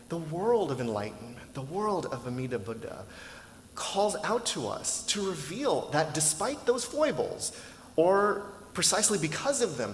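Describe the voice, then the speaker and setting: A man giving a sermon as a minister, telling a story in a conversational, lively way with rhetorical questions. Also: a little high, slight background noise. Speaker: minister giving a dharma talk. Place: temple hall. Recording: roomy hall echo with faint ambience.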